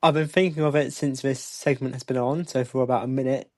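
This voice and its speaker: A man's voice: mid-range voice, steady tone, a little fast, darkish tone. A man co-hosting a football podcast, wry and musing as he spins out what-ifs. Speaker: podcast co-host. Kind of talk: casual chat.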